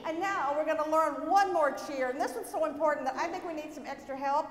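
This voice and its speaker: Upbeat woman with a high voice running a church children's moment, echoey sanctuary with long reverb. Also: a little fast. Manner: upbeat, leads children in call-and-response cheers. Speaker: children's message leader. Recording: echoey church hall, faint crowd and noise.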